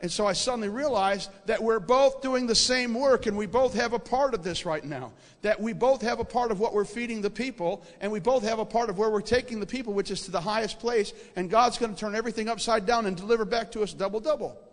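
A man preaching a sermon, telling a dream in an animated storytelling way that repeats words for emphasis and checks in with his audience. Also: sits high, fast talker, hardly any pauses. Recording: reverberant hall.

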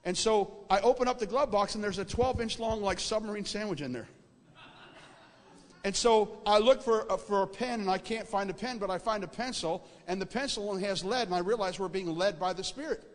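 A man with a high voice preaches a sermon in a reverberant hall, recounting a dream in an animated, storytelling style. Speaking fairly quickly, he repeats words for emphasis and checks in with his audience.

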